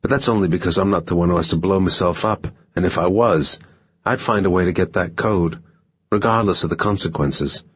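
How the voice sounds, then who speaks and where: A man's voice: deep voice, brisk, fairly bright tone, husky, no echo, dull audio. A man voicing a scared, nervous male accomplice who answers defensively.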